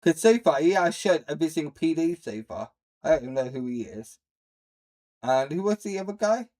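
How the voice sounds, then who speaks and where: A young man giving casual, rambling reaction commentary, blunt and jumping between loud outbursts and low mutters. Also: lively intonation, fairly quick. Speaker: streamer reacting to a video.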